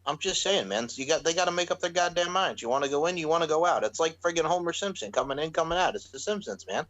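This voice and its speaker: A man hosting a wrestling podcast in animated, profane, casual chat, laughing often as he talks. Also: a little high, fast talker, low-quality recording. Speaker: podcast host.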